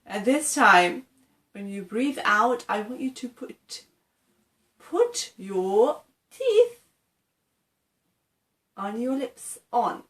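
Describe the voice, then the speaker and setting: In an echoey room, a woman from England speaks very slowly with long pauses, her somewhat high voice sing-song and a bit bright. She's running an encouraging pronunciation tutorial, demonstrating sounds and frequently saying "okay."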